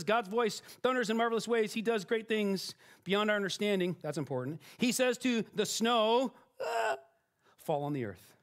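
Preaching from the pulpit, a middle-aged man speaks with a voice that sits high and sounds a bit bright. He pokes fun at himself, frequently asks "right?", and often starts his sentences over.

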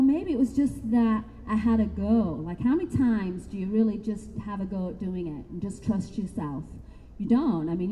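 A middle-aged woman speaking to a live expo audience, telling her story in a chatty, animated way and often checking in with "right?". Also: mid-range voice, big-room sound, slight background noise. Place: expo hall talk.

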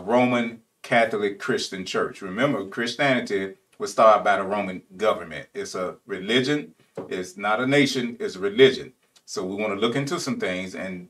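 Man preaching with call-and-response questions. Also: fairly bright tone. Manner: call-and-response questions, repeats key words; emphatic, rises in pitch on scripture quotes. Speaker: teacher. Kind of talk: sermon-style teaching.

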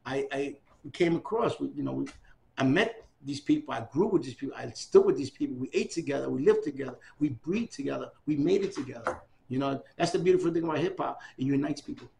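A man's voice: medium pitch, fast talker, gravelly, slight background noise. An older man from New City, telling stories in an oral history interview and acting out the voices of people he quotes. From New York City. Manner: animated storyteller, acts out quoted voices.

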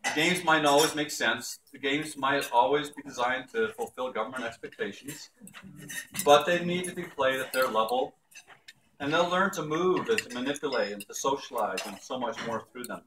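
An older man giving a storytelling speech at an awards ceremony, with warm anecdotes and playful voiced quotes. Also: mid-range voice, moderate pace, noisy background. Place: banquet hall. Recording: echoey hall from far off with dish clatter.

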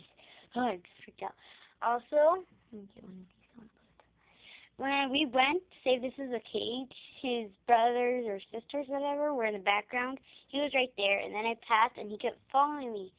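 A young girl chatters through a casual room tour in her bedroom, rambling and excitable with a fairly high voice. The sound is tinny and lo-fi, like cheap home camera audio. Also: moderate pace. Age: child. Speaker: vlogger giving a room tour. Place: child's bedroom, indoors.

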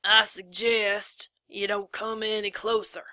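A woman reading aloud puts on a gruff, sarcastic male camp guard. He drawls his lines with dry scorn. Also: mid-range voice, flat delivery, slow, sharp tone, no echo.

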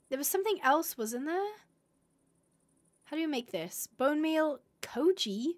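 Woman, live game streamer, expressive chatter, high pitch. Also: a little slow, pauses often. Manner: expressive, swings from glum muttering to shrieking distress. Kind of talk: live gameplay commentary.

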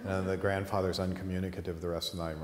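A man teaching at a college, telling a story in a lively way and acting out the characters. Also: low-pitched, fast, roomy sound, big-room sound, crowd noise. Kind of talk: storytelling during a lecture.

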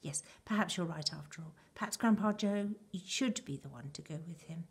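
Woman voicing a gentle soft-spoken mother. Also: fairly low pitch, normal speed, slightly rough. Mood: calming. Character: calm sensible mother.

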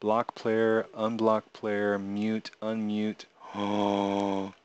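A man's voice: fairly low pitch, completely flat delivery, very slow, smooth, dry recording, lo-fi sound. A man casually chatting on a live stream, reading viewers' messages aloud and answering them playfully. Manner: reads viewer chat aloud and answers playfully, often laughing. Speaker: live streamer and game creator.

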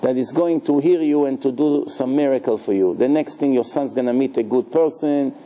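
A man, a rabbi, giving a live Torah lecture in a lively, joking way, questioning his listeners and sprinkling in Hebrew terms. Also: medium pitch, fairly quick.

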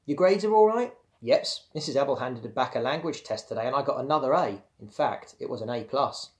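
A man's voice: mid-range voice, lively intonation, fairly quick, natural voice. A man reading aloud, voicing a sulky schoolboy who fibs and whines. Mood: fibbing. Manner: whiny, shouting when upset. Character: sulky fibbing schoolboy, about ten.

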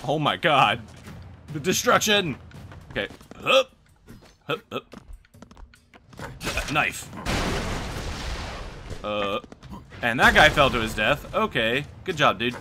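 Let's-play host, male, slow and lively, jumps from mutters to loud exclamations, game music and gunfire underneath. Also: medium pitch. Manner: excitable, exclaims often, mutters between outbursts. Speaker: gaming video host.

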